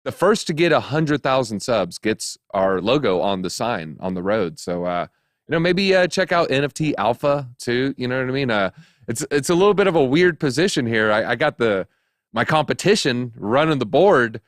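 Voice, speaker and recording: A man's voice: medium pitch, animated, moderate pace, no echo, studio quality. A man hosting a crypto news show, talking casually in a chatty, joking, rambling way with lots of fillers. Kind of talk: casual chat.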